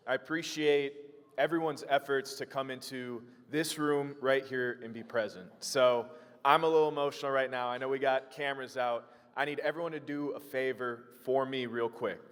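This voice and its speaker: A young man from Wisconsin giving a motivational speech to a live audience, telling a story earnestly and emotionally, with energetic bursts. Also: medium pitch, normal speed. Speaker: motivational speaker. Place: room with an audience. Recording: long hall reverb.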